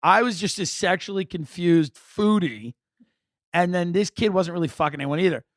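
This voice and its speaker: A middle-aged man hosting a comedy podcast, telling a story in a profane, animated, exaggerating way. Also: high voice, normal speed, no echo, clean studio sound. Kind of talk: comic storytelling.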